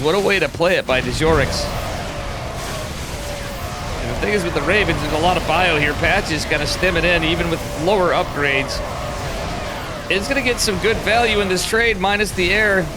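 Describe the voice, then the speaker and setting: A tired man doing casual solo live commentary on an esports match, chatty and laid-back, getting louder and quicker when fights break out. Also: fairly high pitch, background noise. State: tired, yawning.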